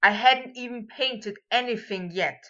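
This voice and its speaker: Woman doing a hot-tempered young man, audiobook, bright tone, slow pace, dull lo-fi sound. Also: a little high. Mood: demanding. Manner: snapping, loud outbursts. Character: young man, brusque, exasperated, quick to laugh.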